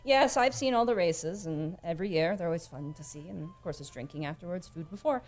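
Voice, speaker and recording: A woman's voice: on the low side, a little fast, a crowd in the background, lightly acted. Woman doing a refined, elegant lady, composed and gracious. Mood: pleasant. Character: elegant poised woman, dryly amused.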